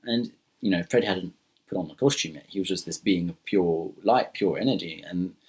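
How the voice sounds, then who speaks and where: A man's voice: deep voice, normal speed, darkish tone, slightly rough. A man telling an improvised myth casually, rambling with many fillers and restarts. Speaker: storyteller. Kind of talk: improvised spoken storytelling.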